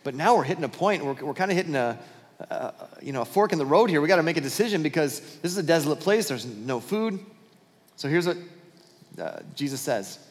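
A man's voice: a little high, animated, a little fast, big-room sound. A man preaching a sermon as pastor, telling a Bible story with acted-out dialogue and frequent restarts.

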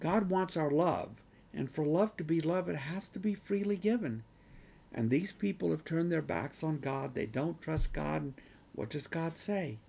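A man's voice: a little high, measured pace, creaky, a little mellow, husky. A man teaching a Bible study class in an earnest way who gets worked up and says he is losing his voice.

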